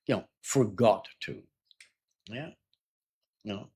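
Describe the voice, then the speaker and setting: A man's voice: lowish voice, animated, normal speed, slightly rough. A middle-aged man teaching IELTS speaking in a chatty way, checking in with "yeah?" and acting out sample dialogues. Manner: chatty, stops to ask "yeah?" and "right?"; acts out sample dialogues in a raised voice. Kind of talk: live lesson talk.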